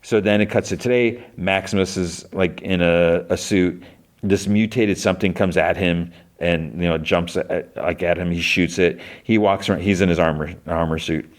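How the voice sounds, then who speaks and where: A man's voice: deep voice, fairly even intonation, moderate pace. A man hosting a podcast, recapping a TV episode casually with lots of fillers and restarts. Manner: rambling, heavy use of fillers and restarts; briefly acts out characters' lines in quotes. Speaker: podcast host.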